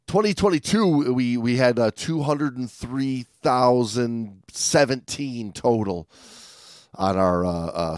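A man hosting a podcast in casual chat, upbeat and giving shout-outs, often stumbling and restarting his sentences. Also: lowish voice, dry recording, studio quality. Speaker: podcast host.

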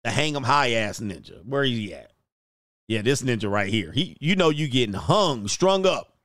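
A man's voice: medium pitch, very animated, moderate pace, a bit bright, dry recording, studio quality. Joking man on a livestream. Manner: joking, laughs often. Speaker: commentator. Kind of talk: casual livestream commentary.

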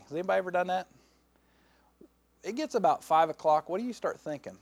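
A man's voice: high-pitched, fast, long pauses, no echo. Folksy man preaching a sermon. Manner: folksy and lively, with playful asides to the congregation. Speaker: pastor. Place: church sanctuary.

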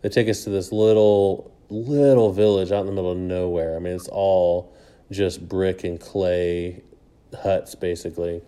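A young man co-hosting a podcast casually tells a travel story, rambling with lots of fillers and laughing often. His voice sits low and warm, with a steady tone and a slightly slow pace.

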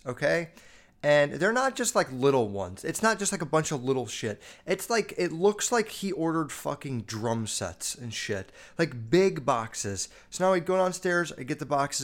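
A young man from the United States talks through a casual podcast monologue. His voice sits slightly high for a man, and he swears freely. His pitch and loudness jump around as he tells his stories. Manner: profane, animated storytelling with quick jumps in pitch and loudness. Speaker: podcast host.

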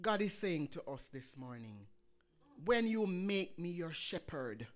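A woman's voice: lowish voice, very animated, a little slow. A woman preaching a sermon, quoting scripture and building to fervent emphasis.

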